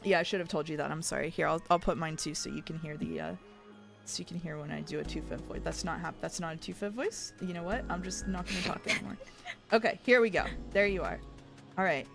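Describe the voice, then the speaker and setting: A woman's voice: on the low side, quick pace, vocal fry, over music. A woman hosting a stream, chatting casually and playfully reading viewer messages aloud. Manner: giggly, reads chat aloud, playful. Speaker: streamer host.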